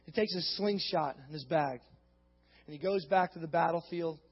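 Guy with a really high voice preaching, chatty storytelling that ramps up, long echo in a church. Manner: casual, animated storytelling with rising exhortation. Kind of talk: sermon. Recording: dull sound with long hall reverb.

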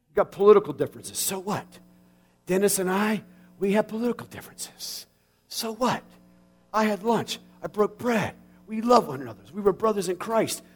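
A man in his forties preaches in a high, lifted voice. He talks in a plain, folksy way. He sinks to a near hush, then climbs to passionate shouts. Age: 40s. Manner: swings from quiet and intimate to shouting with passion. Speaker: pastor. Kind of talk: sermon.

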